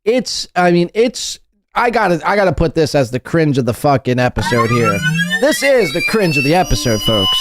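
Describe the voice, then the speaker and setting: A man's voice: on the high side, sing-song, normal speed, a bit bright, slight background noise. A man hosting a podcast, giving mocking, profane comedic commentary. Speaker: podcast host.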